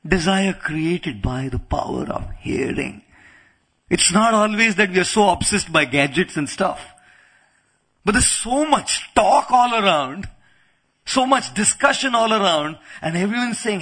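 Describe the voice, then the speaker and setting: A man's voice: high-pitched, animated, measured pace, a bit bright, husky. A man preaching a sermon, telling stories and acting out quotes with playful asides. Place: lecture venue in the UK.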